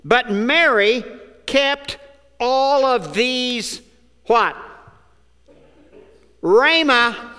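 High-pitched, bright, and pushed, this man's voice rings through a church sanctuary with long hall reverb. He's a pastor delivering a sermon, prompting the congregation to answer his questions and slipping in jokes along the way.

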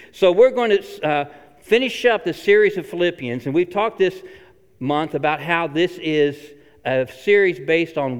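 A pastor preaching a sermon in a church, earnest and emphatic, repeating phrases for stress. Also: male voice, fairly high pitch, clear, resonant tone. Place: church sanctuary. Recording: long reverb of a church hall.

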